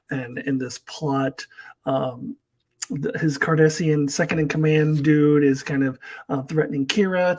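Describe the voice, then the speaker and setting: A man's voice: a little high, poor audio. A man giving a rambling, casual spoken review of TV episodes, with frequent fillers and laughs.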